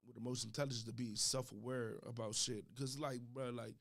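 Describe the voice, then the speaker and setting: A man's voice: medium pitch, steady tone, brisk, vocal fry, a bit bright. A man chatting casually on a radio talk show, loose and joking, in heavy slang, often repeating himself. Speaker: podcast co-host. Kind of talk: casual chat.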